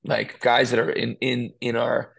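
Worship singer guy talking, gravelly voice, earnest and emotional, lots of restarts. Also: mid-range voice, completely flat delivery, measured pace, fairly bright tone. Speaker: worship musician. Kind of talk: casual interview talk.

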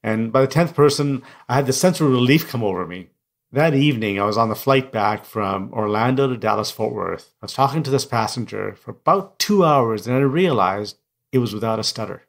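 A middle-aged man, not a native English speaker, recounting personal stories in an interview. He speaks candidly and reflectively in a voice of ordinary pitch for a man. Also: lively intonation, fairly quick, vocal fry. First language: non-English first language. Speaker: guest, coach and speaker.

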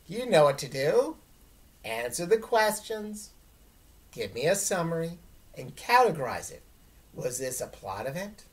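A woman's voice: sits low, very animated, unhurried, long pauses. A woman teacher giving friendly instructions to her students in a recorded lesson.

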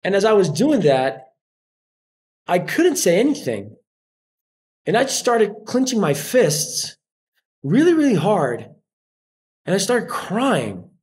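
A man's voice: high voice, slow, pauses often. A man, a podcast guest telling stories in a casual way and acting out the voices of people he quotes. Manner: animated, acts out quoted voices. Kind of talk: casual storytelling.

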